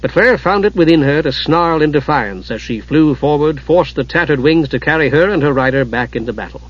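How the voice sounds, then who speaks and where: A man narrating a fantasy audiobook in a steady, dramatic storytelling manner. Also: a little high, brisk. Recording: dull lo-fi audiobook recording.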